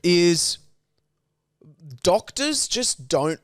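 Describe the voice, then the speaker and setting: A young Australian man co-hosting a podcast in casual chat, excitable and rambling, with crude slang. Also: high-pitched, extremely slow, dry recording, studio quality. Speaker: podcast co-host.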